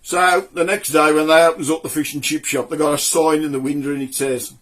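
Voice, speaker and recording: A man's voice: a little high, a little fast, hardly any pauses. A man with a Black Country accent, hosting a comedy show and telling jokes in a chatty way. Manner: chatty joke-teller. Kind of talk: comic storytelling.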